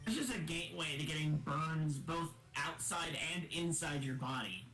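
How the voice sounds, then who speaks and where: A man's voice: on the high side, expressive, moderate pace, pushed and bright. A man streaming a game, chatting casually and joking with friends in rambling banter. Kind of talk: casual chat while gaming. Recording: roomy echo with game music.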